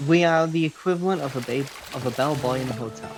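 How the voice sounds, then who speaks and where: A man commentating on a live stream with quick, joking quips. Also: medium pitch, over music. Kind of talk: casual chat.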